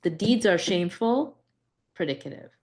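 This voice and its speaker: A woman's voice: lowish voice, animated, normal speed, darkish tone. A woman teaching a Greek grammar class, explaining step by step with frequent "right?" checks and restarts. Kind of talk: live class lesson.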